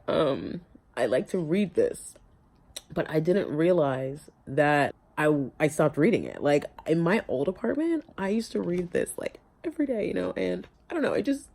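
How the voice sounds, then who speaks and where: A woman's voice: on the low side, sing-song, moderate pace, creaky, darkish tone, slightly rough. A young woman vlogging about her own life, candid and often close to tears, trailing off and laughing through it. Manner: tearful, breaks off mid-sentence, laughs through tears. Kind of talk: emotional personal vlog.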